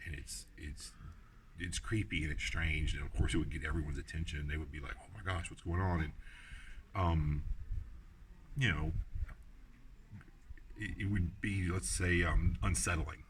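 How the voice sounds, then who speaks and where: A man's voice: rumbling low, steady tone, unhurried, pauses often, slight background noise. A man from the United States teaching the Bible on site at outdoor ruins, talking loosely with many fillers and restarts. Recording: distant mic with clear outdoor ambience.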